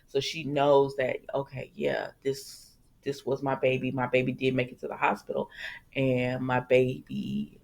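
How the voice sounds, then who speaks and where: A woman's voice: rumbling low, level tone, unhurried, creaky, a little mellow. A woman hosting a casual soap opera recap, chatty and talking straight to her viewers. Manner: chatty, addresses viewers as "y'all".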